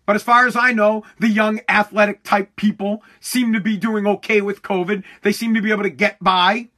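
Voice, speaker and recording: A man ranting angrily with heavy profanity, mocking others with quick put-on voices. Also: high voice, steady tone, pushed and bright. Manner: heated, profane, mocking impressions. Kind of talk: ranting commentary.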